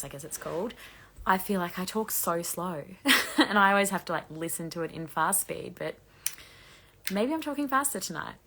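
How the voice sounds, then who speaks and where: A woman hosting a gossip livestream, chatting fast and casually while reading comments, her voice croaky and going hoarse. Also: fairly low pitch, fairly bright tone, slight background noise. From Australia. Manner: fast-talking, chatty, laughs often. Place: bedroom at home with laundry drying.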